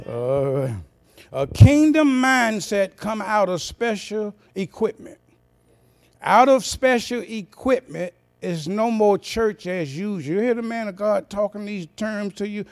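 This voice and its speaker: A man preaching a sermon as pastor, folksy and chuckling, rising into shouted, sing-song cadences. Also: sits high, animated, a little slow.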